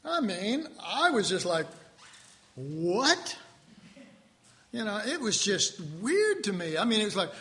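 A man teaching a Bible class in a conversational, animated sermon style, with asides to his listeners. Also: high-pitched, moderate pace, few pauses.

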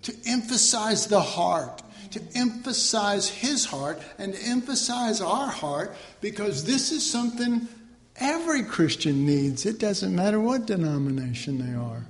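A man's voice: sits high, sing-song, unhurried, reverberant. A man preaching an informal sermon in a conversational, joking way, correcting himself as he goes and acting out mock quotes.

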